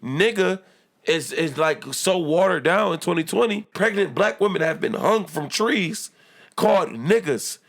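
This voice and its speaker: Heated american guy ranting on a podcast, gravelly voice, on the higher side. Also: expressive, measured pace, a bit bright. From United States. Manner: emphatic, heated and profane. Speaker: podcast co-host. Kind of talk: casual podcast debate.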